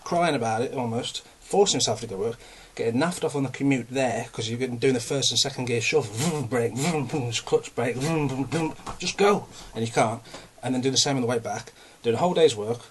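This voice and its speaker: A man's voice: medium pitch, fast, few pauses, slightly rough. A young man, talking in a casual, rambling and self-mocking way, a bit out of breath. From England. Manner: ranting, self-mocking, chatty. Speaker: vlogger.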